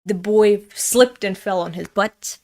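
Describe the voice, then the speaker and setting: A woman's voice: medium pitch, unhurried, a little mellow. A woman from Europe hosting a manga reading, telling a story in a chatty, self-mocking way with frequent laughter. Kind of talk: casual storytelling and manga commentary.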